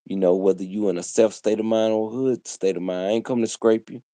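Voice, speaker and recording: Man, livestream monologue, preachy and repetitive, low voice, dry close sound. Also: fairly even intonation, brisk, mellow, dry recording. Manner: preachy, repetitive, street slang. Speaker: livestream host.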